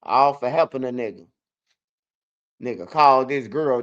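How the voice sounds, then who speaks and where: A man's voice: medium pitch, normal speed, a bit bright. Rambling Chicago man on a lo-fi stream. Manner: rambling, profane storytelling with repeated restarts. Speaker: livestream host. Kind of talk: casual livestream talk. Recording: dull lo-fi stream audio.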